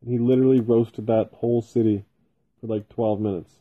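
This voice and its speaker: Husky-voiced man ranting, tinny phone-like sound. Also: mid-range voice, fairly even intonation, brisk. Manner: profane, rambling, heavy swearing. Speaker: podcast host. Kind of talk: casual solo podcast rant. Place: home basement.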